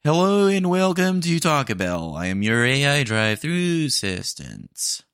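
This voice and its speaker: A man's voice: fairly high pitch, big pitch swings, a bit bright, smooth, no room sound, clean studio sound, pitched above the performer's own voice, heavily acted. A man voicing a stiff, overly formal AI drive-thru ordering assistant in a comedy bit on a podcast. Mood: flat robotic. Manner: slow, overly formal, announcing.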